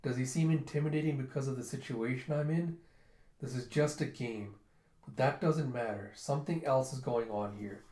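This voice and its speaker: A man voicing a gruff, stern middle-aged general in a comic book reading, low and measured. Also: dark tone, close to an everyday voice. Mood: grim. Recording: roomy echo.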